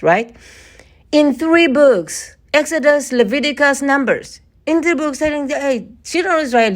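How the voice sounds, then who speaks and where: A woman whose first language is Bantu, leading a Bible lesson over a screen share. Her delivery is emphatic and repetitive, and she keeps checking in with "right?". She leaps up in pitch whenever she hits a key point. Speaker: Bible teacher.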